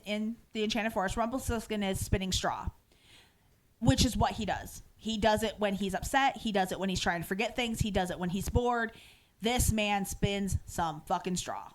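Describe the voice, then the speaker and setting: A woman podcast host retells a show's scenes in loose, chatty fashion, peppering her talk with "um" and "like." She slips into the characters' lines as she goes, with the odd casual swear word. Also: medium pitch. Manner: animated retelling, acting out quoted lines; frequent "um" and "like" fillers, casual swearing. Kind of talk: casual episode recap chat.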